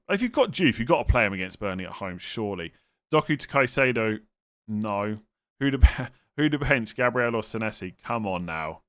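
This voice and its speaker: A man's voice: mid-range voice, a bit bright. A man chatting casually on a live stream, thinking aloud and answering viewers' questions, often hesitant and now and then exasperated. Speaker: fantasy football streamer answering chat.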